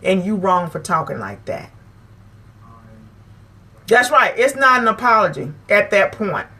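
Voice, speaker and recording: A woman's voice: medium pitch, sing-song, measured pace, sharp tone, breathy edge. A woman, hosting her own channel and lecturing her viewers, emphatic and repeating phrases to drive her point home. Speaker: vlog host. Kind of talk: preachy advice talk to camera.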